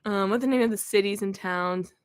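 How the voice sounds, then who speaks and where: A woman's voice: mid-range voice, a little fast, smooth. A woman hosting a casual livestream, giggly and chatty as she banters with her ventriloquist puppet.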